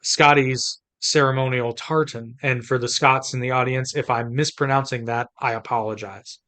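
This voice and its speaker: A man's voice: medium pitch, steady tone, moderate pace, sharp tone. Chatty man co-hosting a podcast. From United States. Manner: chatty, rambling, talks in restarts. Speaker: podcast co-host. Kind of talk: casual chat.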